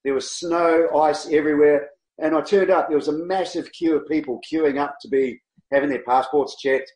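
A man, a guest telling travel stories in a casual, animated way and laughing often. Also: fairly high pitch, normal speed. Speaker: guest, long-distance cyclist. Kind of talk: casual storytelling interview. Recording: roomy echo.

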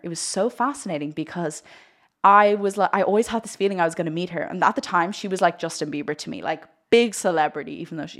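A young woman hosting a spiritual podcast, chatting casually in a rambling, gushing, excitable way. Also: fairly low pitch. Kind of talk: casual livestream chat.

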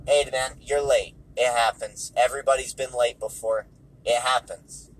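Man in a car, casual movie talk, mid-pitched, repeats himself for emphasis, faint road noise under the voice. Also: fairly even intonation, normal speed, low-quality recording. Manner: conversational, repeats points for emphasis. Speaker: movie reviewer. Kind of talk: casual spoken commentary while driving.

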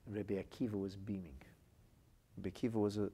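Gravelly low-voiced man teaching Torah. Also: quick pace. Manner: expressive storyteller, voice swings from quiet to loud; weaves in Hebrew and Aramaic phrases. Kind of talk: podcast Torah lecture.

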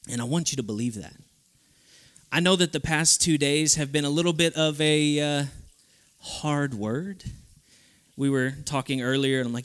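A man preaching an animated sermon at a youth camp, acting out the voices of the people he quotes. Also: medium pitch, moderate pace.

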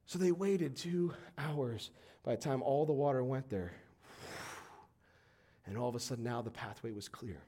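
A man preaching a sermon, animated and storytelling, swinging from quiet reading to shouted emphasis. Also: mid-range voice.

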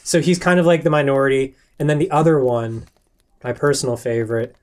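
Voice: medium pitch, steady tone, a little fast, a little mellow. A podcast host with a mid-range voice chats in a rambling, enthusiastic way. Sentences often restart as the ideas pile up. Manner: chatty, rambling with fillers and restarts. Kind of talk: casual podcast chat.

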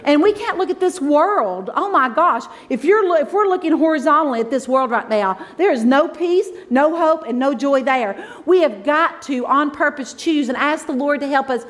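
A woman, a pastor's wife preaching a conversational, emotional sermon that swings from loud exclaims to soft asides. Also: high-pitched, lively intonation, normal speed, few pauses.

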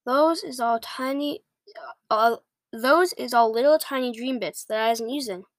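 A kindly giant who talks in broken, folksy grammar, as a woman reading aloud puts him on. The voice sits fairly high and stays close to the reader's own. The sound is dry and close. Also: a little slow, dry recording, natural voice. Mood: explaining. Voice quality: ungrammatical folksy speech. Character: big gentle male giant, mangled grammar.

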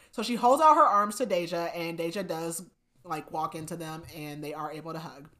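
A woman hosting a podcast, casually retelling a novel's plot with animated quoted dialogue and frequent laughs. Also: fairly low pitch, moderate pace. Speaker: podcast host. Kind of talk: casual book recap chat.

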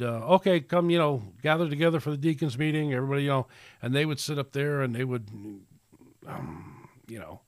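A man talks through a casual solo podcast in a preachy, rambling way, starting over and filling gaps as he goes. His voice sits at a middling pitch. The close recording is dry, with no room sound around it. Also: dry recording. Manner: rambling, preachy, with many restarts and fillers. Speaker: podcast host.

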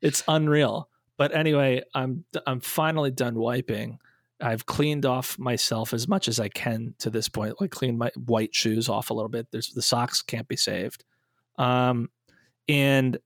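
A man casually telling a long, profane comic story on a podcast, animated and self-mocking. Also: medium pitch, a little slow, dry recording, studio quality.

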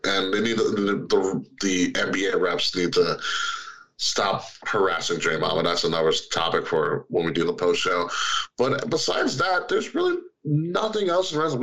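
Male podcast host, lowish voice, relaxed and loose, chuckles a lot. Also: poor audio. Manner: laid-back, laughs often, loose rambling. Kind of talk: casual chat.

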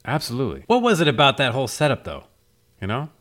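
Male podcast host, casual chat, loose, many fillers, middle pitch. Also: fast talker, crowd noise. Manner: relaxed and chatty, with many fillers.

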